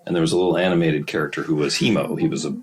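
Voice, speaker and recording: A deep-voiced American man from the Midwest answers interview questions. He tells his stories haltingly, with many restarts and frequent laughter, in a relaxed, casual way. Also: poor audio. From Wisconsin, USA. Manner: halting, laughs often while telling stories. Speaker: guest screenwriter and novelist.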